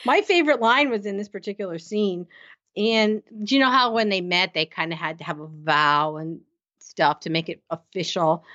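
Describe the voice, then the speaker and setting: A woman's voice: lowish voice, fairly bright tone. A woman co-hosting a casual episode recap, enthusiastic and laughing often. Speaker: podcast co-host. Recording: slightly muffled sound.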